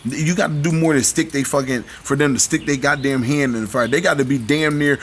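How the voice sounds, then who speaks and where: A man's voice: on the high side, a little fast, a little hiss or hum. Heated, swearing male live-stream ranter. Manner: heated, profane, preachy. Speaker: commentator. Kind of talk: ranting live commentary on clips.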